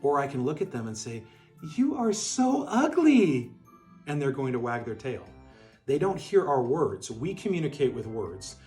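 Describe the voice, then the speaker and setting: A middle-aged man, a dog breeder, calmly explaining how to interact with a puppy in an even-keeled instructional talk. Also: medium pitch, moderate pace. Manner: calm, even-keeled, demonstrates voice tones. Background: soft guitar music.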